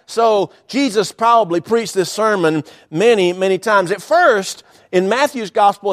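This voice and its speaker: A man preaching a sermon from the pulpit of a church, using dramatic pauses, emphatic repetition and folksy humor. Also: high voice. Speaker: pastor. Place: church sanctuary.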